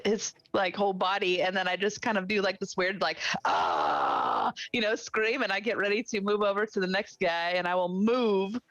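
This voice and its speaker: Gleeful woman player, mid pitch, casual, dry close mic. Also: steady tone, a little fast, few pauses, fairly bright tone, dry recording, muffled recording. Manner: playful and gleeful. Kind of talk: casual tabletop role-play.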